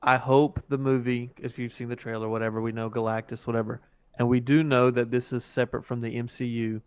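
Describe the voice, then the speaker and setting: A man co-hosts a relaxed podcast conversation with an excitable, emphatic delivery. His voice is smooth and resonant at a middle pitch. It sounds dry and close, with no room sound. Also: fairly quick, no room sound. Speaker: podcast co-host. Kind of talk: casual chat.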